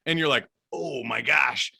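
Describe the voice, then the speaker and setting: Bright, animated man telling stories. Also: medium pitch, a little slow, creaky, slightly rough. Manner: animated, chatty, laughs often. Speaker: guest, DJ. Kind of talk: casual storytelling interview.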